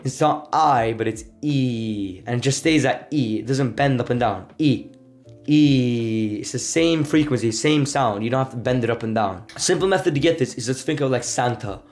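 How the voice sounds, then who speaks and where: A man's voice: medium pitch, fairly quick, few pauses, soft background music. A man giving a casual spoken lesson on pronunciation, explaining loosely with many fillers and acting out vowel sounds. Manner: demonstrates vowels with exaggerated sounds and laughs. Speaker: Spanish teacher.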